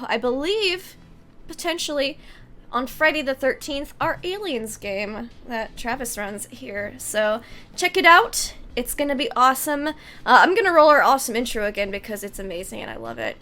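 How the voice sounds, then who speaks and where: A woman hosting a tabletop game stream, chatting excitedly and gushing with laughter. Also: high-pitched. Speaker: host and tabletop game player. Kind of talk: casual wrap-up chat.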